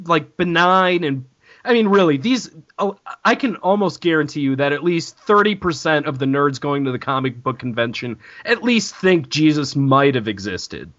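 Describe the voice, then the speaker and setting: A man's voice: on the high side, lively intonation, moderate pace, a bit bright, lo-fi sound. A man hosting a podcast, chatting casually and sarcastically with lots of profanity and joking asides. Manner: sarcastic, profane, reads quotes in mock-preacher voice. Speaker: podcast host. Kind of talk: casual comedic podcast chat.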